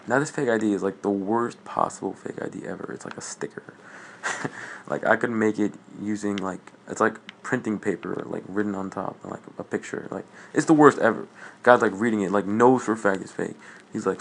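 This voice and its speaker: Rambling teen gamer, gravelly voice. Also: male voice, on the low side, fairly even intonation, brisk, a bit bright, a little hiss or hum. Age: teens. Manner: rambling, filler-heavy, acts out dialogue. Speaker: gaming YouTuber. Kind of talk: casual storytelling vlog.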